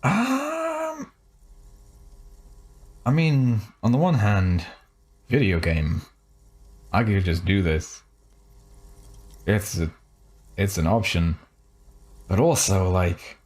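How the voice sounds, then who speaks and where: A man's voice: deep voice, a little mellow, breathy edge. A man streaming a video game, chatting casually and playfully, often rambling and stopping himself mid-thought. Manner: playful, rambling and self-interrupting. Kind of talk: casual live-stream commentary. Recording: faint game music behind.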